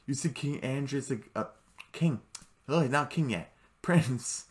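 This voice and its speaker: Excitable guy doing a casual cartoon episode recap, mid-pitched, rambling and full of fillers. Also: takes it slowly. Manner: rambling, excitable, filler-heavy, many restarts; jumps into high voices when quoting characters. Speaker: show recap commentator.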